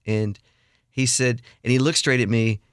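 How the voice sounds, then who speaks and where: A middle-aged man telling a story in a radio studio interview, animated and acting out the people he quotes. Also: mid-range voice, moderate pace, smooth, no room sound. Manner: animated storyteller, acts out quotes, laughs often. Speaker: guest songwriter.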